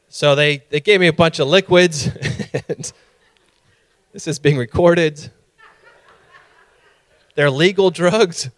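A male preacher with a fairly high voice delivers a sermon, moving between scripture reading and a lively personal story. He acts out his own past lines loudly, and the sound is close and dry. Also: no room sound.

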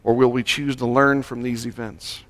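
Male pastor, mid-pitched voice, deliberate sermon delivery that leans on key words. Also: little pitch movement, fairly bright tone. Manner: measured, slowing down to stress key words. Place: church service.

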